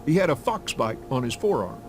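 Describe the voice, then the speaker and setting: A man reading a story game aloud as a let's play narrator, with an expressive delivery. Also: mid-range voice, brisk, over music.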